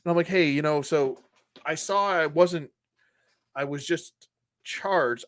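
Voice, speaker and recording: A man's voice: fairly high pitch, takes it slowly, pauses often, a bit bright. A man hosting a collectors' show, telling a frustrating customer service story in a casual, exasperated way with acted quotes. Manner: exasperated, retells phone calls in acted quotes.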